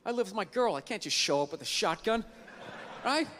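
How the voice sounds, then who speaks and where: A man's voice: high voice, brisk. A man doing a stand-up routine, telling a story with energy, swearing freely and acting out the people in it. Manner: animated storyteller, swears freely, acts out voices. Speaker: stand-up comedian. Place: large venue stage. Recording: live stage in a large hall, faint noise.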